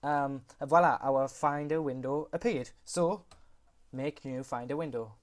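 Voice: medium pitch, measured pace. A speaker hosting a casual computer tutorial, rambling, often correcting themselves and apologizing, on a USB computer microphone. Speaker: tutorial host. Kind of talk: casual screen-recorded tutorial.

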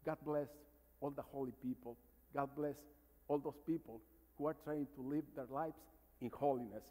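A priest in his fifties from Mexico with a Mexican Spanish accent, preaching a sermon with stories and calls for amens, sometimes dropping to a hushed voice. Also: medium pitch, fairly even intonation, moderate pace. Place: large church. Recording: church reverb.

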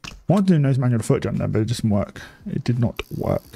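Gravelly young streamer guy. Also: mid-range voice, big pitch swings, quick pace, warm tone, a little hiss or hum. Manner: chatty, swears freely, laughs often. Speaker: gaming streamer. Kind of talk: casual live-stream commentary.

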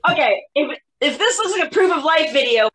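A woman's voice: sits high, expressive, a little fast, heavy background noise. A woman comedian in her forties chatting self-mockingly on a video call from a hotel laundry room. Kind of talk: stand-up chat.

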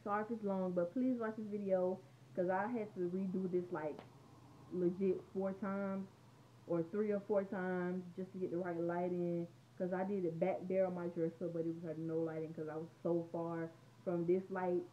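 Teen girl vlogger, slightly low voice, rambling conversational storytelling, muffled home recording with faint noise. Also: level tone, moderate pace. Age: teens. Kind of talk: casual storytime vlog. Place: room at home.

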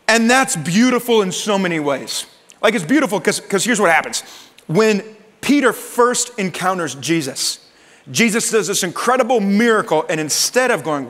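Male pastor, animated storytelling sermon, slightly high voice, long church reverb. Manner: animated storytelling, acting out Peter's lines high and Jesus' lines low and soft. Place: church auditorium. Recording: long reverb of a large hall.

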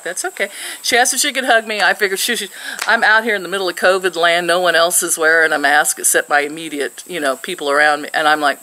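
A woman's voice: on the low side, bright, forceful tone, a little hiss or hum, poor audio. An older woman from Missouri, sitting outdoors and chatting to camera as she tells a rambling story with frequent laughs. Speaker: vlogger.

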